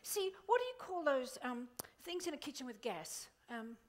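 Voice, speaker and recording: A middle-aged woman giving a live motivational keynote to a conference audience, animated and exclamatory. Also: sits high, normal speed. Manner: animated, exclamatory, quotes others in funny voices. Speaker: motivational speaker. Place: conference hall before an audience.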